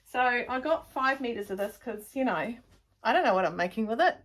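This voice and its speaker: A woman's voice: a little high, lively intonation, a little fast, a bit bright. Middle-aged New Zealand woman, casual sewing vlogger, rambling and self-deprecating. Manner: chatty, rambling, self-mocking. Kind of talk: casual chat to camera.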